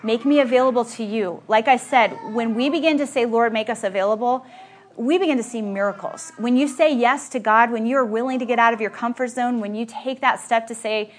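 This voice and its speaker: An earnest woman delivers a sermon with a fairly high voice. She is emphatic and keeps asking her listeners direct questions. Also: fairly quick. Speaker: speaker at a Christian gathering.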